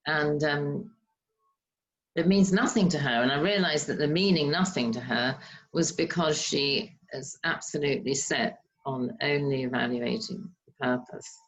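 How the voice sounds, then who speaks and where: A woman sharing a measured, reflective personal account in a group discussion. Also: low-pitched. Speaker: forum participant. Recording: muffled lo-fi audio.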